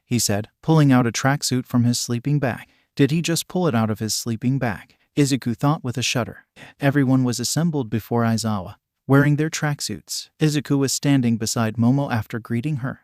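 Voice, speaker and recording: A man reading fanfiction aloud as scripted narration in a matter-of-fact, even way. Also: medium pitch, brisk, dry recording, clean studio sound. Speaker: fanfiction reader.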